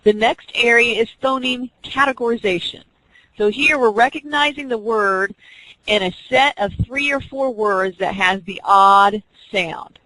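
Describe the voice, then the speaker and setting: A woman's voice: a little high, a little slow, bright, forceful tone, dry recording, low-quality recording. A woman teaching an online class, explaining reading skills step by step and acting out teacher and student examples. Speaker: teacher educator.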